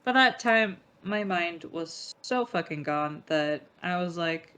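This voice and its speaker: A young woman with a low voice speaks candidly as an interview guest. Her talk is emotional and profane, full of fillers, and English is not her first language. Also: lively intonation, takes it slowly, few pauses, a bit bright, smooth.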